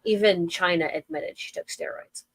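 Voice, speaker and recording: A woman's voice: fairly low pitch, expressive, normal speed, vocal fry, fairly bright tone, dry recording, poor audio. A woman co-hosting a casual wrestling talk show, talking with gushing enthusiasm. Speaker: podcast co-host.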